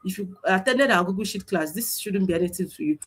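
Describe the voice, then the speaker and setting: A woman's voice: mid-range voice, fast talker. A woman teaching an online class over a screen share, explaining step by step with many fillers and restarts. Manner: repetitive, stop-start explaining with many fillers. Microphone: computer mic on a video stream.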